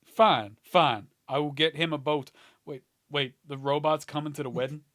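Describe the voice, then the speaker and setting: A man's voice: a little high, steady tone, normal speed, a bit bright, no room sound, close to an everyday voice. A man voicing a curt, exasperated dealmaker in a tabletop game, lecturing with dry sarcasm.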